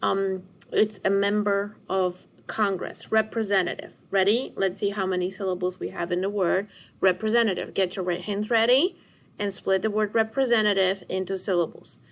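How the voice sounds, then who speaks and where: A woman's voice: medium pitch, steady tone, a little hiss or hum. Woman teacher sounding out syllables. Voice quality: slow, deliberate classroom delivery, stretching out words. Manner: encouraging, sounding words out syllable by syllable. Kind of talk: recorded classroom lesson for children.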